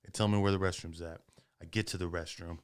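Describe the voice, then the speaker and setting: Podcast host, man, low and smooth voice, casual and foul-mouthed storyteller. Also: quick pace. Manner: profane, animated storyteller.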